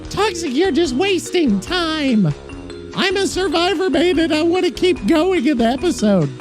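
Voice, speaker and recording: A man's voice: extremely high pitch, very animated, a little slow, soft background music, voice pushed up, heavily acted. A man voicing an impatient male listener who complains that the host is wasting time.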